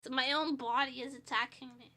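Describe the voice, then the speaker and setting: A woman's voice: high voice, fairly even intonation, brisk, bright, forceful tone. A young woman streamer with a stuffy, nasal, sniffly voice, chatting casually and rambling with a self-deprecating tone. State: stuffy nose. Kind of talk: casual chat.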